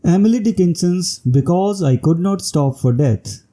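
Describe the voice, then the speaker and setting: A man's voice: high voice, expressive, moderate pace, warm tone. A man reading a scripted English literature lecture in a formal manner, announcing each section heading.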